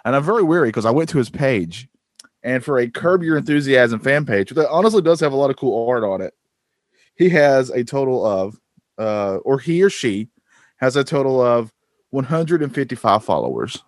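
A man co-hosts a podcast, his mid-range voice animated and moderately paced as he rambles through casual chat with lots of fillers and restarts. Clean studio sound, no room sound.

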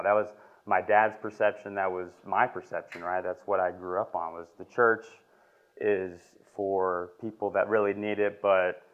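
A man in his twenties giving a halting, emotional personal testimony as a lay preacher in a church classroom. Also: low-pitched. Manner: halting, emotional, filler-heavy. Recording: muffled lo-fi recording.

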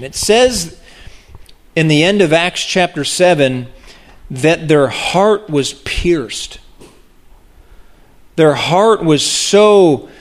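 A man preaching a sermon, animated and expressive, acting out the voices of people in the story. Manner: animated, acts out voices of the crowd with big pitch jumps.

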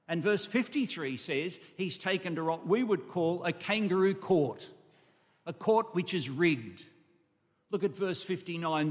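A man preaching an expository sermon, emphatic and full of rhetorical questions and asides to his congregation. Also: a little high. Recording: long echo of a large hall.

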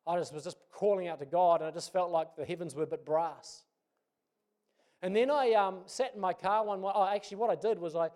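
A man's voice: fairly high pitch, a little mellow. A middle-aged man, preaching as a pastor and telling a personal story in a conversational, self-deprecating way.

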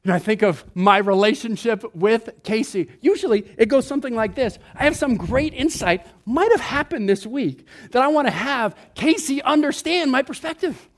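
A man delivering a sermon in a high, bright-sounding voice. He is playful and animated, acting out his own inner thoughts, then sinks to a hushed tone when he quotes scripture. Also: normal speed. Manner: animated, playful, mimics himself and others, drops to a hushed tone on scripture. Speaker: pastor.

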